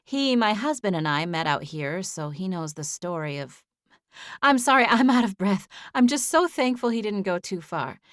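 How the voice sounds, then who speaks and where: A woman's voice: low-pitched, lively intonation, normal speed, hardly any pauses, clean tone, no room sound, studio quality. A woman voicing a kind, flustered grandmother who fusses and talks on and on, in an audiobook.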